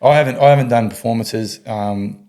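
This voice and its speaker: A man's voice: medium pitch, fairly quick, dark tone. A man in his forties with a North Queensland Australian accent, a podcast guest in casual chat who tells stories in a laid-back way and acts out what people said. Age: 40s.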